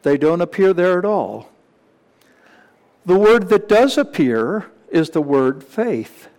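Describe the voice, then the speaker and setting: A man's voice: high-pitched, very animated, a little mellow. A man preaching a sermon, teaching from slides with emphatic repetition and rhetorical questions. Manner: slow, emphatic, with repeated phrases and rising questions.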